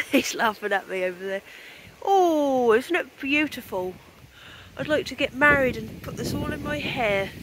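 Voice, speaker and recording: A woman's voice: a little high, normal speed, sharp tone, slight background noise. A woman chatting casually to camera in a vlog, self-deprecating and talkative. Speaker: vlogger. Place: outdoors and at home.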